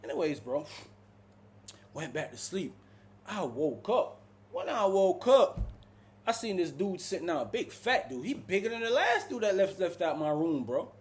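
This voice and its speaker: A man from Jamaica telling a story casually, animated and full of slang, calling the listener bro. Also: sits high, moderate pace.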